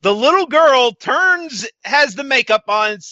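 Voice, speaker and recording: Bright, high-voiced man recapping wrestling. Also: animated, unhurried, no echo, lo-fi sound. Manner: sarcastic, swears, quotes wrestlers in put-on voices. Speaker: podcast co-host. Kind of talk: casual wrestling recap chat.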